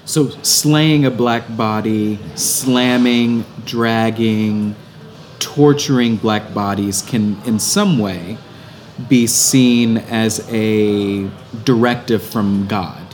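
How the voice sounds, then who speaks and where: Slow, low-voiced male interviewer. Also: darkish tone. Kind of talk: conversational interview.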